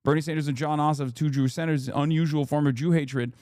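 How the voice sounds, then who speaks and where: Casual stream reader, male, a bit high, dry mic, reads and reacts. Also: fairly even intonation, a little mellow, no echo. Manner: reads quickly, breaks off to react. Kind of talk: reading an article aloud with commentary.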